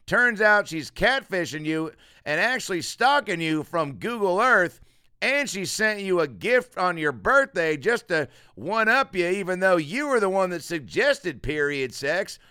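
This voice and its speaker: A man's voice: high voice, bright, forceful tone, clear, resonant tone, no room sound, studio quality, voice pushed up, full character voice. A man doing a male stand-up comic who tells redneck jokes in a drawling, building rant. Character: twangy loud male redneck-joke comic.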